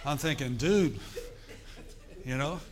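A crowd can be heard in the background as a middle-aged male pastor tells a story in his sermon at medium pitch and moderate pace. He is animated and conversational, asking the congregation questions.

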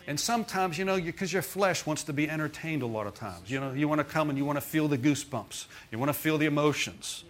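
A man's voice: fairly high pitch, quick pace, hardly any pauses, a little hiss or hum. A middle-aged man preaching a sermon, telling a personal testimony in a conversational way and checking in with the congregation with frequent asides. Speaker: pastor.

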